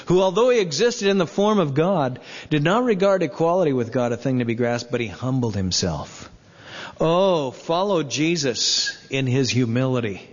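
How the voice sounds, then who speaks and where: A pastor preaching a sermon, emphatic, asking rhetorical questions and slowing down to dwell on scripture quotes. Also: male voice, mid-range voice. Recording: reverberant, dull lo-fi sound.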